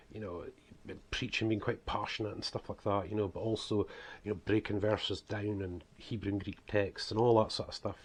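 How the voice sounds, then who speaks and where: A man's voice: fairly low pitch, breathy edge. A man from northeast Scotland with a toned-down Scottish accent, an author and preacher talking casually to camera, rambling with lots of "you know" and "guys". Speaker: author and preacher presenting his book series.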